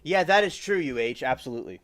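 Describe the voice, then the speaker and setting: A man's voice: fairly high pitch, lively intonation, fast, fairly bright tone. Rambling man chatting on a livestream. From US South. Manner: rambling, many fillers and restarts. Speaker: livestream host. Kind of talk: casual livestream chat.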